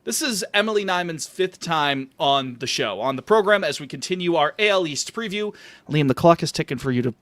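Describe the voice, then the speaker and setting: A man hosts a casual podcast chat, upbeat and fond of joking asides. His voice is bright and sits a little high. He sounds like he is talking into a remote call microphone. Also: animated, a little fast. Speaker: podcast host.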